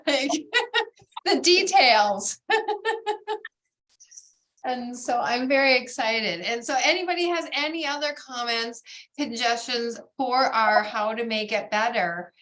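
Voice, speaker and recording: A woman's voice: a little high, fairly bright tone. Bubbly, gushing woman hosting a video call. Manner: bubbly, gushing, keeps saying "oh my gosh". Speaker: bead society meeting host.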